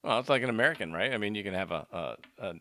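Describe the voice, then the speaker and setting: A man hosting a podcast, chatting casually with halting restarts and short affirmations. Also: fairly low pitch, lively intonation, fairly bright tone. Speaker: podcast host. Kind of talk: casual interview chat.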